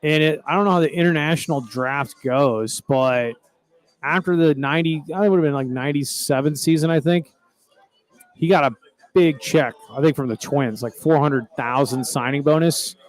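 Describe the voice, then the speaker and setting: A man's voice: on the high side, normal speed. Folksy man calling baseball. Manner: folksy, chatty, rambling storyteller. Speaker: play-by-play announcer. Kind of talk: baseball commentary.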